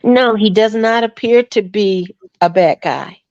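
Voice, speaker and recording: A woman's voice: mid-range voice, unhurried, a little mellow, dry recording, dull audio. A woman calling in to a live stream, bluntly giving her judgmental opinions. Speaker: caller. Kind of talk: call-in chat.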